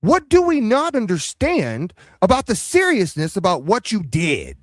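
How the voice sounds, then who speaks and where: Brief: male live-stream commentator, sarcastic and scolding, very animated pitch, dry recording. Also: measured pace, no room sound. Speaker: commentary channel host. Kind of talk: heated live reaction commentary.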